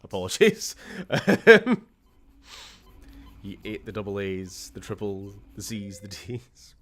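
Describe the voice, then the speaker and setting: A man's voice: on the low side, fairly even intonation, takes it slowly. A man from Scotland giving casual gameplay commentary as a streamer, sarcastic and jokey, swearing freely.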